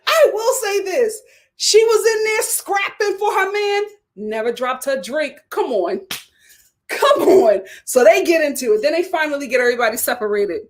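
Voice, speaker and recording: A woman hosting a reality TV review, recapping episodes in animated casual commentary. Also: high voice, unhurried, long pauses. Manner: animated storytelling with acted quotes and laughter.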